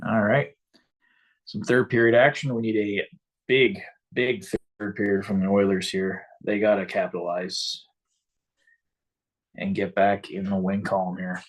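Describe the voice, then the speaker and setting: Husky low-voiced man chatting hockey. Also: level tone, a little slow, long pauses. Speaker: live stream co-host. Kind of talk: casual hockey watch-along chat.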